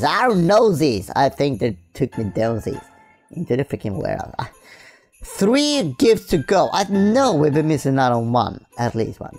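Excitable Swedish woman narrating gameplay. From Sweden. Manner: excitable, jokey, swings between squeals and low mutters. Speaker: gaming channel host. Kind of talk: let's-play commentary. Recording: faint game music behind.

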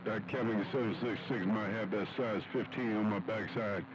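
Low-voiced man over a static-filled CB radio. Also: normal speed, dull audio. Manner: loose, slangy, hearty banter. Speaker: CB radio operator. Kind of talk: CB radio chatter.

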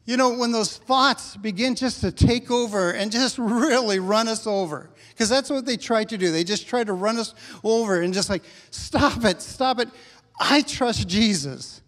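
Man, middle-aged pastor, high voice, conversational sermon, dramatized prayers, long church reverb. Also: normal speed, hardly any pauses, a bit bright. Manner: conversational preaching, acts out prayers with rising intensity. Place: church sanctuary.

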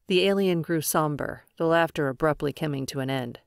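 A woman narrating a science fiction audiobook in a steady, even storytelling way. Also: sits low, fairly quick, gravelly, dry recording, studio quality. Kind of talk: scripted narration.

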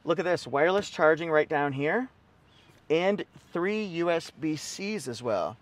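A man's voice: a little high, lively intonation, unhurried, no echo. A man presenting a car walkaround review for a dealership, upbeat and salesy as he points out one feature after another.

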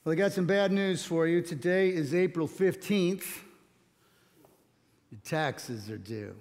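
A man's voice: fairly high pitch, slow pace, darkish tone. A male pastor reading scripture and preaching a sermon, telling stories with light humor. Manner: plain storytelling with light humor. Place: church sanctuary. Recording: long hall reverb.

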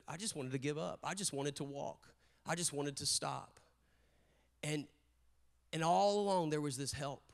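A middle-aged male pastor telling a story in his sermon, animated and lively as he acts out what his family said. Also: on the high side.

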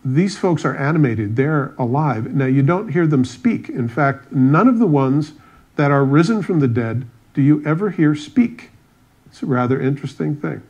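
A man preaching a sermon from the pulpit, a touch high in pitch for a man. He retells the scripture stories, voicing the dialogue with lively animation and dropping into dry, wry asides. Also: moderate pace, lo-fi sound. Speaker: pastor.

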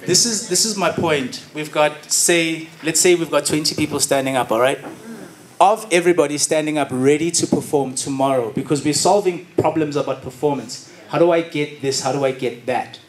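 A man's voice: a little high, normal speed. A man with a South African accent, giving an emphatic acting masterclass talk and dramatically reciting poetry to a room. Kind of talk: energetic workshop talk. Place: event venue with audience. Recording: echoey venue from far off.

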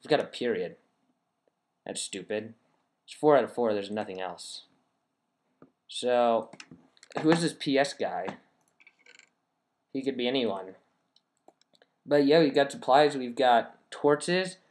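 A man's voice: medium pitch, animated, slow, long pauses, a little mellow. A man hosting a gaming video, thinking aloud in a rambling, chatty way and talking to his viewers. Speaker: gaming channel host. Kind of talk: casual game commentary.

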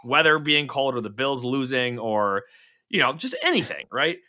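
A man's voice: medium pitch, lively intonation, moderate pace, bright, forceful tone. A man co-hosting a podcast in casual chat, chatty and full of joking asides. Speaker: podcast co-host.

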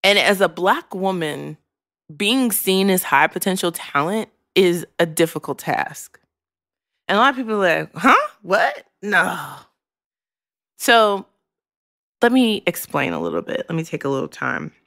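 A woman's voice: on the low side, big pitch swings, normal speed, gravelly, a bit bright, dry recording, clean studio sound. Emotional, frank woman podcaster. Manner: emotional, frank, swears freely. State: choking back tears. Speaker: podcast host. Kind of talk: candid podcast monologue.

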